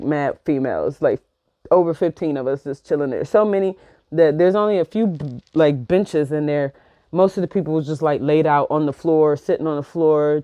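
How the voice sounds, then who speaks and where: A woman, telling a personal story in a casual, slangy, profane and animated way. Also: sits low, no room sound, dull audio. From New York. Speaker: vlogger.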